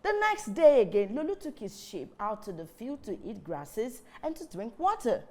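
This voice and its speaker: A woman hosting a children's show, telling a story in a lively way and calling on the audience to join in. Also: fairly high pitch, normal speed.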